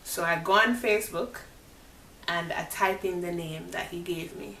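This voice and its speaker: A woman's voice: fairly low pitch, fairly even intonation, normal speed, sharp tone. Woman telling a dramatic storytime vlog. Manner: dramatic retelling, addresses viewers as "guys"; religious, speaks of faith and God. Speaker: vlogger. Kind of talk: storytime vlog, talking to viewers. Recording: roomy echo, distant mic, faint hiss.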